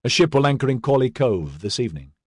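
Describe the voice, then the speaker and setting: A man's voice: medium pitch, big pitch swings, fast, a little mellow, slightly rough, no echo, studio quality. A man reading the part of a resolute young male leader who speaks firmly and briefly.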